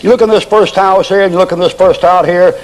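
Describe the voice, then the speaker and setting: A man's voice: sits high, steady tone, quick pace, rough recording. A man preaching a sermon as a folksy, humorous storyteller.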